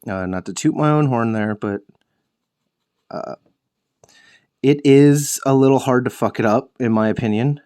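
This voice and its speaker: A man's voice: medium pitch, a little slow, long pauses, darkish tone, smooth. A young man hosting a miniature painting show, chatting casually while he paints, rambling, correcting himself and joking with the odd curse. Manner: rambling, self-correcting, jokey with swearing.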